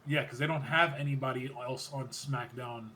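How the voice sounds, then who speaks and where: In a casual wrestling recap, a male podcast host talks at normal speed in a mid-range voice. His excited retelling wanders, and he keeps correcting himself mid-sentence.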